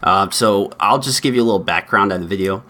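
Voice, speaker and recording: A man's voice: lowish voice, fast, sharp tone. A man hosting a podcast, talking through a news clip in a mocking, sarcastic way. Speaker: podcast host. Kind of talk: opinionated podcast monologue.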